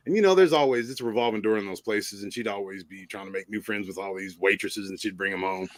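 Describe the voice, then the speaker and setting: A man's voice: fairly low pitch, fast, dry recording. A man hosting a live stream, telling a long story in casual chat, stammering and laughing as he goes. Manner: rambling, stammering, laughs often.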